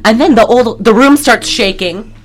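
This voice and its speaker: A woman with a fairly high voice co-hosts a podcast, with faint music in the background. She casually recaps an old horror movie, swearing freely, laughing in bursts, and acting out characters' lines in quick asides.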